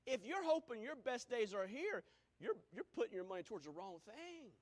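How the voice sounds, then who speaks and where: A man preaching a sermon, swinging from booming exclamations to hushed lines and breaking into sung hymn phrases.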